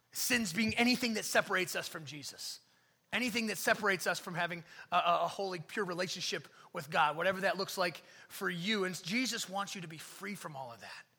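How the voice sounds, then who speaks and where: A male pastor preaching a sermon in an animated way, swinging from loud calls to hushed near-whispers. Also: fairly high pitch, vocal fry, slightly rough. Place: church sanctuary. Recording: long hall reverb.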